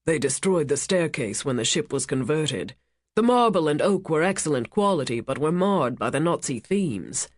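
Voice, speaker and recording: A woman voicing a commanding, wealthy male ship owner who speaks in a measured, authoritative and evasive way. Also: sits low, very animated, no room sound, clean studio sound.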